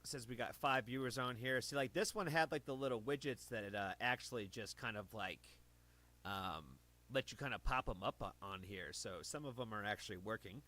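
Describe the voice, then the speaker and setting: A man's voice: mid-range voice, a little fast, sharp tone. A man casually chatting to viewers on a livestream, rambling and correcting himself while he talks close into his own streaming mic. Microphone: own streaming mic, adjusted close.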